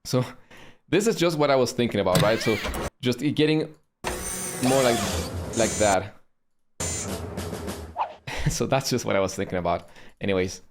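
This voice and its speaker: A man with a German accent talking casually on a stream about his own video, pausing and restarting often. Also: medium pitch, music in the background. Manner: halting, with frequent pauses and restarts.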